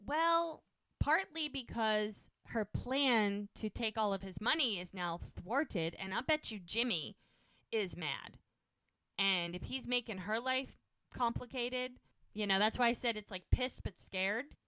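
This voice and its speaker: A woman's voice: fairly high pitch, a little slow, sharp tone, smooth, dry recording. Woman podcast host recapping episodes, does little voices for the characters, dry close sound. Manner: retells scenes, briefly mimicking characters' lines. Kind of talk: casual recap chat.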